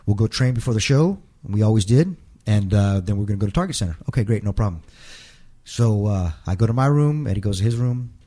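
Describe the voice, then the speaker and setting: A man's voice: lowish voice, lively intonation, fast, mellow. A man telling a long personal story in a casual interview, rambling and restarting and quoting others in his own voice. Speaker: interview guest.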